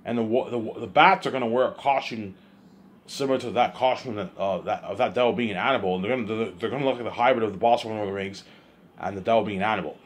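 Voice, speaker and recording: A man's voice: lowish voice, very fast, a little hiss or hum. A young man rambling in a casual vlog monologue, stumbling over repeated words and often checking whether the listener follows. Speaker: vlogger.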